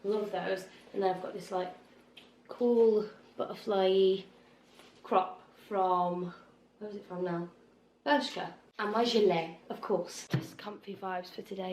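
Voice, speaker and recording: A woman's voice: medium pitch, steady tone, unhurried, darkish tone, slight background noise. A young woman from the UK chatting casually in a vlog about musical rehearsals, bubbly and filled with "like", sounding a little bunged up and tired. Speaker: vlogger, musical theatre performer.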